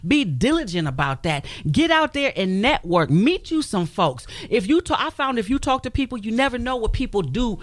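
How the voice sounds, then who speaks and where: A woman's voice: fairly high pitch, sing-song, moderate pace, few pauses, no room sound. A woman who is a guest on a radio talk show, telling her personal story emphatically and acting out the quotes she recounts. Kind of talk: personal testimony in a radio interview. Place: radio studio.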